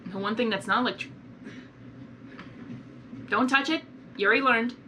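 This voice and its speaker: A woman hosting a casual live reaction video, talking excitably and rambling with many exclamations. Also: fairly high pitch, moderate pace, noisy background.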